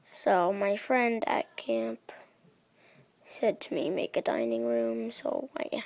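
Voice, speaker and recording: A woman casually talking through her gameplay into her own desk mic, chatty and halting, often dropping to a hush. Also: on the high side, fairly even intonation, vocal fry, in a whisper. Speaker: gaming vlogger. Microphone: own desk microphone.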